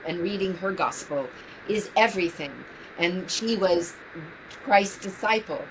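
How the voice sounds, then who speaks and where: A woman's voice: mid-range voice, background noise. A woman in her sixties from New York, a yoga teacher talking as an interview guest in an earnest, musing way, often repeating key phrases. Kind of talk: reflective conversational interview.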